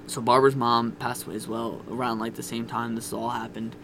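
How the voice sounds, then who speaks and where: A man's voice: mid-range voice, level tone, fairly quick, gravelly, a bit bright, slight background noise. A young man casually telling a candid, profane personal story on a podcast. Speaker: podcast guest.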